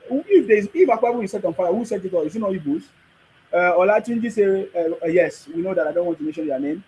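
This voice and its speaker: A man's voice: sits high, lively intonation, quick pace, mellow, a little hiss or hum, rough recording. A middle-aged man with a Nigerian accent hosts a livestream, reading viewer comments and commenting on them in a repetitive, preachy way. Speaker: livestream host.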